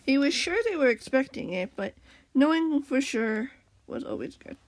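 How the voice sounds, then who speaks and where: A woman's voice: sits high, big pitch swings, moderate pace, dry recording. A young woman reading a storybook aloud in a casual way, with chatty asides about her own slips. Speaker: reader.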